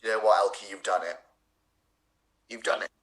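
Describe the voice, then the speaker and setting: A man improvising a smooth, mock-formal male news anchor who teases his co-host. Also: fairly low pitch, fairly even intonation, moderate pace, fairly bright tone, natural voice, poor audio. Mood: teasing. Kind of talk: improv comedy.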